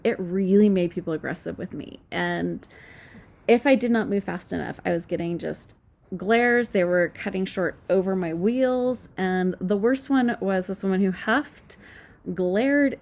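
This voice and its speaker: Snarky woman with a gravelly edge. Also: medium pitch. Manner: snarky, candid, laughs often. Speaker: podcast host. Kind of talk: casual storytelling monologue.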